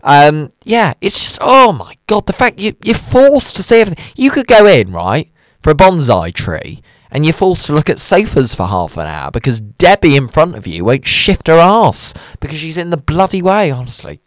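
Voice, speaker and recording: A man's voice: on the high side, big pitch swings, normal speed, few pauses, no echo. Guy radio host, rambling rant, voice jumps all over, dry close mic. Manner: chatty, ranting and self-mocking. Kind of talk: casual radio chat.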